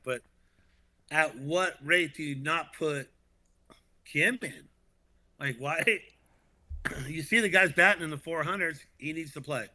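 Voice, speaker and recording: A man co-hosting a casual sports chat show, animated and quick to laugh, often restarting his sentences. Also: fairly high pitch. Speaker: podcast co-host.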